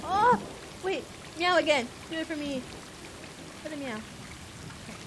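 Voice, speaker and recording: Young woman, streamer, high voice, unhurried, playful baby talk, game music behind. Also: expressive, noisy background. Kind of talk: live gameplay commentary.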